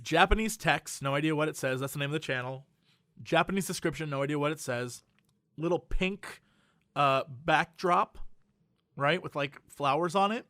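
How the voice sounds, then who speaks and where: A man co-hosting a casual podcast, his voice sitting high and sounding bright and forceful. He tells stories animatedly and laughs often. The mic is close and dry, with no room sound. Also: normal speed, dry recording. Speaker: podcast co-host. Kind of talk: casual chat.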